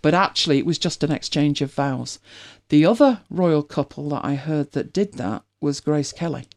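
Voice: mid-range voice, moderate pace, darkish tone. A host with a British accent, chatting casually and rambling with many restarts. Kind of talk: casual chat.

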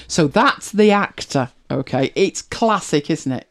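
A host chatting casually and retelling a TV scene, animated and laughing often. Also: medium pitch, unhurried, few pauses. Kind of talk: casual storytelling chat.

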